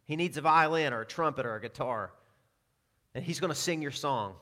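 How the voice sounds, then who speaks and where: A man preaching a sermon as pastor, telling personal stories with self-deprecating asides and dropping to a hushed tone for scripture. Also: on the high side, animated, brisk.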